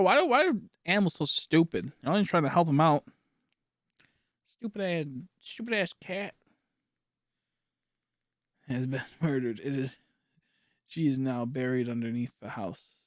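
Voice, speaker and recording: A man's voice: medium pitch, dry recording, studio quality. Rambling, crude young man live-streaming. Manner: rambling and crude, laughs, talks to chat. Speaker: livestream host. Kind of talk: casual live-stream chat.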